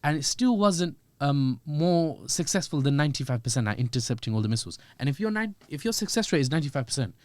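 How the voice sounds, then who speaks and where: A man talks through his analysis as a podcast guest, animated and full of jokes and asides. His voice sits on the high side for a man, and the recording is close and dry. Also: no echo. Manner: animated, joking, quick asides. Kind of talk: podcast discussion.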